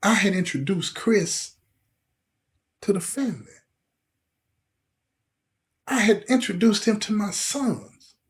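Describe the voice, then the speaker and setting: A man's voice: high-pitched, lively intonation, slow, pauses often. Emotional middle-aged man telling his story. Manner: emotional, intense, acts out quoted voices. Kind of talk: personal storytelling to camera.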